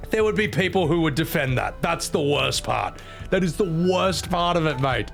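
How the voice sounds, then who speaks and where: A man's voice: a little high, big pitch swings, moderate pace, gravelly, faint music behind. A man streaming a video game and ranting sarcastically about the series, swearing freely between bursts of laughter. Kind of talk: casual game commentary.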